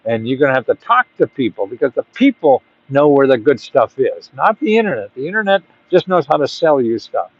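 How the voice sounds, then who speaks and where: A man's voice: mid-range voice, sing-song, a little fast, hardly any pauses, no room sound. A man hosting and giving grant advice in casual talk to the camera, rambling and chatty, with bursts of emphatic urging. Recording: dull, dry lo-fi audio.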